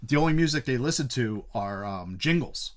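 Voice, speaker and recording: Brief: male podcast co-host, loose rambling chat, swings his pitch a lot, faint hiss behind. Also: animated, normal speed. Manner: rambling, swears, many fillers. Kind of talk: casual chat.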